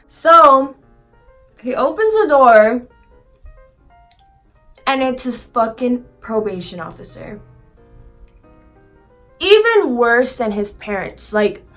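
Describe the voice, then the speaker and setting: A young woman with a slightly high voice tells a story casually to her viewers. She fills her speech with "like", swears freely and acts out quoted lines. Faint music plays behind her. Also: very animated, takes it slowly, pauses often, a bit bright. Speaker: vlogger. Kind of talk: casual storytelling while eating.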